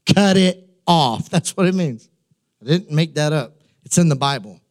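A man pastor preaching a sermon in an animated way, with humorous asides and passages that build to shouting. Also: a little high, moderate pace.

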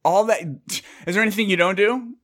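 Excitable jokey man hosting a podcast. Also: high voice, brisk. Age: 30s. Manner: excitable, jokey, swears casually. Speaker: podcast host. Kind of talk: casual podcast chat.

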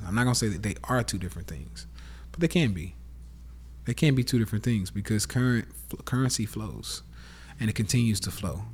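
A man's voice: mid-range voice, a little hiss or hum. A man with a Southern accent hosting a casual rant podcast, blunt and profane, lecturing his listeners as y'all. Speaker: podcast host.

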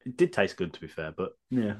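A man's voice: on the low side, very animated, fairly quick, crowd noise. A man co-hosting a casual podcast, bantering and swearing casually. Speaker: podcast co-host. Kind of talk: casual comedic chat.

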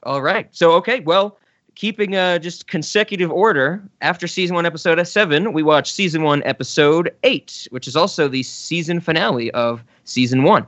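A man co-hosting a podcast, chatting casually about comedy sketches, laughing often and letting his words trail off softly. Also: a little high, no echo, highs cut off. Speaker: podcast co-host. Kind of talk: casual chat reviewing sketches.

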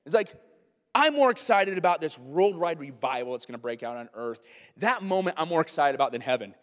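A man with a high voice delivers an animated sermon, checking in with the congregation through quick rhetorical questions. His voice carries a long reverb, as if filling a large sanctuary. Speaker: pastor.

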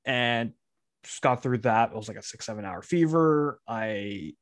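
A man's voice: medium pitch, lively intonation, unhurried, dry recording, clean studio sound. Easygoing young man hosting a podcast. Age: young adult. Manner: easygoing, hesitant, repeats words. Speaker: podcast co-host. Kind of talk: casual chat.

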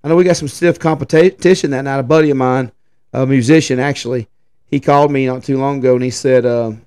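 A man's voice: medium pitch, fairly even intonation, quick pace, darkish tone, clear, resonant tone. A man, hosting a podcast and telling a long, rambling story in a casual, folksy way, full of fillers and restarts. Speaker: podcast host and festival organizer.

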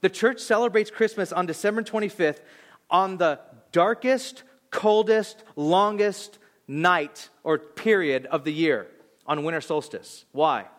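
This pastor, a man in his thirties, speaks a little slowly in a high, light voice as he preaches. His story is lively and self-mocking, but reflective moments bring halting restarts.

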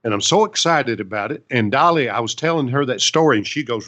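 A man's voice: mid-range voice, brisk, few pauses, pushed and bright. Folksy older man telling stories. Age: 70s. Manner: folksy, chatty storyteller. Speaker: veteran and songwriter guest. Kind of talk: casual storytelling interview.

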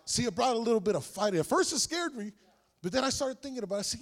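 A man preaches in church, slipping between telling a story and calling out to his congregation. His voice sits high for a man and jumps all over, lively and expressive, and he laughs often as he talks. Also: fast talker. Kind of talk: sermon with personal story.

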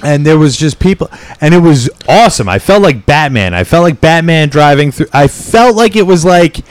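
A man's voice: a little high, animated, moderate pace, smooth, dry recording. A man from the US co-hosting a podcast, telling stories in a profane, rambling way. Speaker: podcast co-host. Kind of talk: casual chat.

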